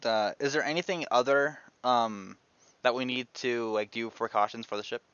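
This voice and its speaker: A man's voice: mid-range voice, moderate pace, a bit bright, smooth, dry recording, highs cut off. A man playing in a tabletop game, hesitant and stumbling, laughing often. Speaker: player. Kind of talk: casual tabletop game chat.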